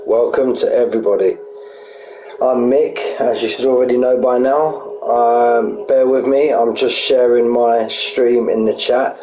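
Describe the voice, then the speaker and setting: A man's voice: medium pitch, steady tone, unhurried, warm tone, low-quality recording. A man with a Cockney accent hosting a sim-racing league live stream, chatting casually and greeting viewers by name.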